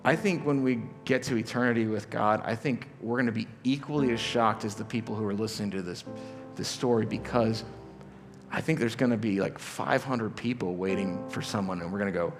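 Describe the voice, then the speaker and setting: A man's voice: lowish voice, fairly quick. Man preaching casually in a reverberant church. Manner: casual, questioning, with many asides and repeated starts. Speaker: pastor. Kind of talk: conversational sermon. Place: church auditorium. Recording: live church hall reverb with soft music.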